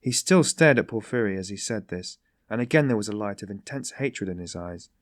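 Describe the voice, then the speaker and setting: A man with a lowish voice reads scripted audiobook narration in a measured, even way. The studio sound is clean, with no room sound at all.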